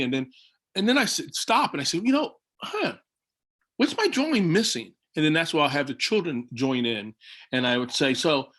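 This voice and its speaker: A man, a children's book illustrator, telling stories on a video call and acting out his own lines. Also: medium pitch. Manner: animated storytelling, acts out his own quoted lines. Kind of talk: casual talk on a video call panel.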